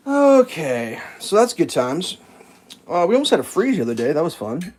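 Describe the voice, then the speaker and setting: A streamer around forty rambles through exasperated, profanity-laced rants while cooking at home. The pitch leaps and dips in a very lively way. Faint clatter of pots and pans sits behind. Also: a little fast, slight background noise. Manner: exasperated ranting, sarcastic, swears a lot. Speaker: livestream host.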